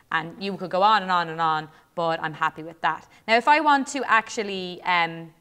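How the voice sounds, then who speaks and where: A young Irish woman with a slightly low, smooth and clear voice talks through a classroom demo. She is chatty and thinks aloud, with plenty of ums as she works. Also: normal speed, few pauses, bright, forceful tone. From Ireland. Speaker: co-host teacher. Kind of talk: casual classroom demo while playing.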